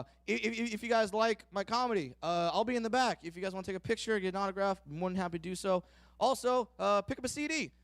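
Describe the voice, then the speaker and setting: A man performs live stand-up, brash and profane, working the crowd with teasing and loud punchlines. He mimics other people by using higher voices.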